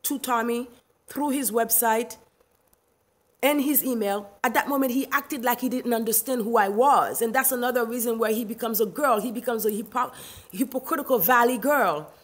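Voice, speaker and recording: A woman's voice: on the high side, moderate pace. A middle-aged woman from Haiti with a Haitian accent, hosting a live stream, ranting emphatically and indignantly, laughing often and answering viewers' comments. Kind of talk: livestream rant reading chat.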